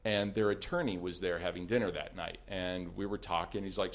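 A man telling a comic personal story with wry timing, dropping to a hush and then rising loud. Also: fairly low pitch, a little fast, hardly any pauses. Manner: animated, wry, swings from hushed to loud.

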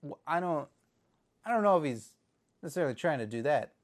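Brief: nervous male host, stammers and placates, pitch jumping all over. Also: animated, brisk. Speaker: show host. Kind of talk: comedy sketch interview.

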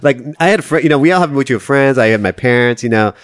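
A young man hosting a casual chat, excitable and rambling, quick to laugh. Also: medium pitch, no room sound, studio quality.

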